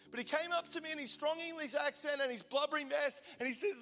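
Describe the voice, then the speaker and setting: A man in his forties preaching a sermon in a large church, shifting between fervent declarations and quiet, intimate appeals. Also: very high-pitched, quick pace, few pauses. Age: 40s. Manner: impassioned, swinging from loud declaration to hushed intimacy. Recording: large hall reverb with soft music behind.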